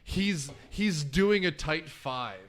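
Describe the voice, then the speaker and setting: A man hosting a casual movie-review podcast, animated and quick to act out quotes in exaggerated voices. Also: a little high. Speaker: podcast host.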